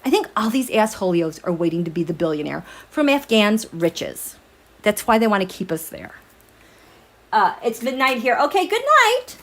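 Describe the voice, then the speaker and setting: A woman hosting a tarot livestream at night, chatting casually with viewers, animated, laughing often and reading their comments aloud. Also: medium pitch, normal speed. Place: home, at night.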